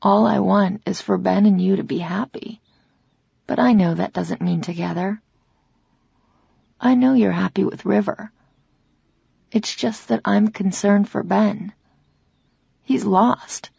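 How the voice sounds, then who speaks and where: A woman narrator voicing a caring older motherly woman who speaks softly, slowly and a little raspily, in a slightly dull, dry audiobook recording. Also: medium pitch, no echo, exaggerated voice. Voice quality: small, slightly raspy voice. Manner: soft, slow, consoling. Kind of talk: audiobook character reading.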